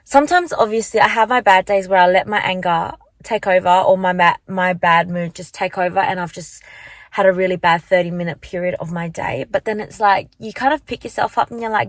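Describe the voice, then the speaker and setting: A woman's voice: on the low side, a little fast, no echo. Chatty young woman rambling in a car. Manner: rambling, chatty, lots of likes and restarts. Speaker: vlogger. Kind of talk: casual chat to camera. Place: parked car. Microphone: handheld phone.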